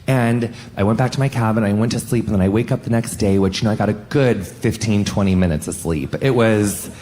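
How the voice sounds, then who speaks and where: A man doing a stand-up comedy set on stage, animated and swearing often, jumping up in pitch on punchlines. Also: a little fast, slight background noise. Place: stage in front of a live audience.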